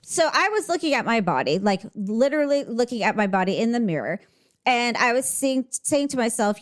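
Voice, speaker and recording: A woman's voice: fairly high pitch, fairly quick. A woman co-hosting a podcast, chatting casually and telling stories, acting out what others said. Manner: chatty storyteller, quotes others in lively voices. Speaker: podcast co-host. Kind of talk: casual chat.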